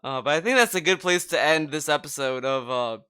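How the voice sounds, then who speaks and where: A man with a bright, smooth and somewhat high voice talks through a casual podcast chat. He rambles loosely, piling on fillers and starting sentences over. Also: fairly quick. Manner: rambling, filler-heavy, frequent restarts. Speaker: podcast co-host.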